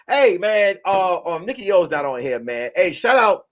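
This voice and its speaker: A man, a comedian, chatting casually to his viewers in a loose, animated way, slipping into song and mock voices. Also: sits high, moderate pace. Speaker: comedian and vlogger. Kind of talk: casual vlog chat.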